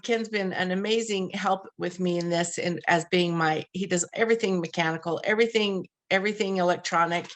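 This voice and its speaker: A woman's voice: medium pitch, a bit bright. A middle-aged woman from the western United States hosting a webinar, telling a personal story in an earnest, heartfelt way with many restarts. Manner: earnest, heartfelt, with frequent restarts and quoted dialogue. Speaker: webinar host.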